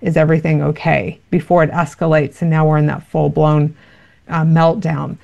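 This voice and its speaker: A woman's voice: low-pitched, little pitch movement, moderate pace, gravelly, darkish tone, highs cut off. A woman giving parenting advice in an interview, earnest and explanatory, with many fillers. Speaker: parenting expert guest.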